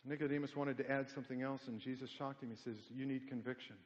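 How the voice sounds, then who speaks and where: A man's voice: mid-range voice, flat delivery, fast talker. A middle-aged man preaching a sermon, emphatic and full of rhetorical questions and folksy humorous stories. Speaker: pastor. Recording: dull sound with long hall reverb.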